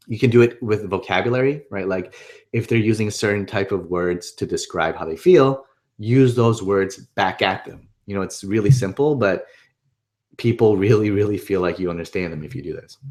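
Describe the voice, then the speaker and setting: A man's voice: lowish voice, normal speed, darkish tone. Upbeat man teaching in a casual tone. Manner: upbeat, conversational, keeps checking in with "right?". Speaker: webinar presenter. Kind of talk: casual instructional talk.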